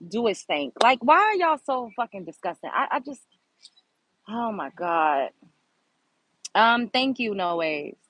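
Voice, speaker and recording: A woman's voice: medium pitch, big pitch swings, a little slow, long pauses, a bit bright, dry recording, rough recording. A woman from Brooklyn, hosting her own show and ranting bluntly and profanely at her chat. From Brooklyn, New York. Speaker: show host. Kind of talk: unscripted commentary to a live chat.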